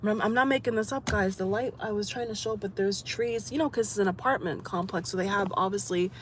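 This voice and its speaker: A woman's voice: mid-range voice, brisk. A woman vlogger talking tearfully into her phone camera from her car, rambling and repeating herself as she cries. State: crying. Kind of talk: tearful personal vlog while driving. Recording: loud car noise behind.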